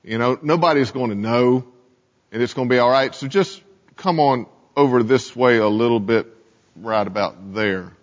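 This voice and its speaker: A man voicing a smooth-talking male devil who coaxes someone toward sin, in a church sanctuary. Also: medium pitch, moderate pace, pitched below the performer's own voice, lightly acted. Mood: hushed coaxing. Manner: wheedling, coaxing. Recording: echoey hall, dull sound.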